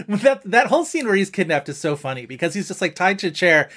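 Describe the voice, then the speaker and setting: A man co-hosting a casual film chat who meanders through his thoughts, padding them with filler words. His voice sits a little high for a man. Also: sing-song, fast, fairly bright tone. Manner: rambling, lots of filler words. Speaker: podcast co-host.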